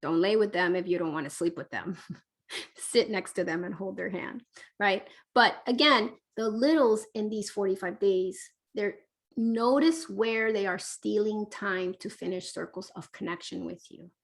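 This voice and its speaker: Woman parenting coach, expressive, slips into quotes, conversational teaching. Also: medium pitch, moderate pace. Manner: animated, acts out quotes, keeps asking "right?". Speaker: parenting educator.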